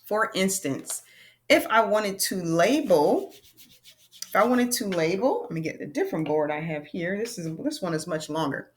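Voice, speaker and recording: A woman teaching a children's reading lesson in an animated, playful way, slowing down to stress key words. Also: lowish voice.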